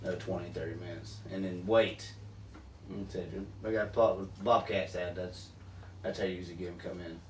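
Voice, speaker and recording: A man's voice: sits low, fairly even intonation. Chatty man in an echoey room. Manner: chatty, lots of agreeing murmurs and quick asides. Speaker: podcast co-host. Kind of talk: casual hunting chat. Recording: roomy, distant mic, faint background noise.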